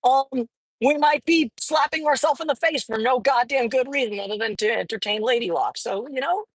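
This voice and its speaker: Speaking at a moderate pace in a high-pitched, slightly rough voice, this woman chats through a driving vlog, filling it with "um"s and the odd swear word as she rambles. The audio is dry and low in quality.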